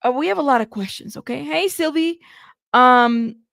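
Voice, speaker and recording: A woman's voice: high voice, moderate pace, gravelly, fairly bright tone, no echo, clean studio sound. A woman hosting a news livestream in casual chat, talking straight to her viewers and laughing at herself.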